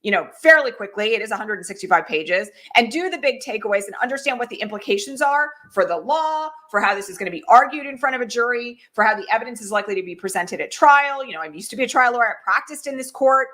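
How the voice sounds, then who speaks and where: A middle-aged political commentator hosts her livestream at a quick pace with hardly any pauses, her fairly high voice pushed and bright and her intonation lively. She talks urgently and directly, peppering the audience with rhetorical questions.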